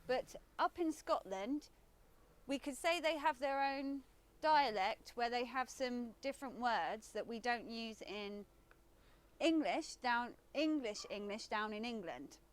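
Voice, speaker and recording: A woman giving an instructional lesson, explaining words in a careful, deliberate way. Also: on the high side, animated. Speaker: language teacher.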